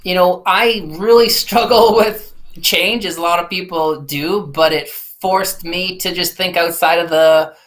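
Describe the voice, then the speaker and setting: A man's voice: sits high, steady tone, measured pace, a bit bright. Earnest reflective man in his forties. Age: 40s. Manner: earnest, reflective, with frequent restarts. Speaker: podcast guest, keynote speaker. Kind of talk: candid conversational storytelling.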